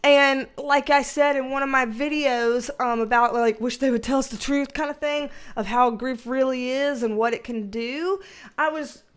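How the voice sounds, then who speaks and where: A woman's voice: high voice, steady tone, normal speed, smooth. A woman hosting a casual livestream, greeting viewers by name and laughing often. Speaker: livestream host and tarot reader.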